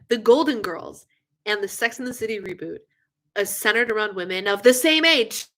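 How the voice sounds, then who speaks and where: A young woman hosting a casual live stream, chatting with viewers in an animated way, with lots of fillers and frequent yawns. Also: on the high side, a little fast. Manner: chatty, animated, yawning often, many fillers. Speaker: livestream host.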